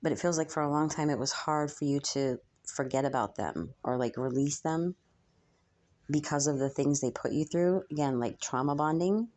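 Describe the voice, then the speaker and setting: A woman's voice: low voice, normal speed, a little mellow. A young woman channeling messages for her viewers in a spiritual reading, musing aloud with frequent ums and hesitations.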